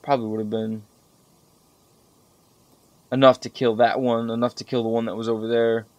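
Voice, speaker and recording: A young man giving casual, profanity-laden commentary over strategy game footage, rambling and getting animated when he recalls frustrating moments. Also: medium pitch, moderate pace, dry recording, muffled recording. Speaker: gameplay commentator.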